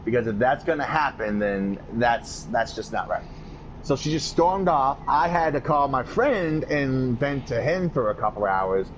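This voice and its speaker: A man telling a story on his podcast in loose, heavily profane chat, his voice sitting at an everyday middle pitch. The recording is dull and lo-fi, with a faint hiss underneath. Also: unhurried. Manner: profane, ranting delivery. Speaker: podcast host.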